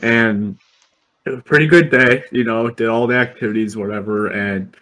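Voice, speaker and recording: A man telling a school story in casual chat, halting with many ums and uhs and small chuckles. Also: fairly low pitch, steady tone, pushed and bright, poor audio.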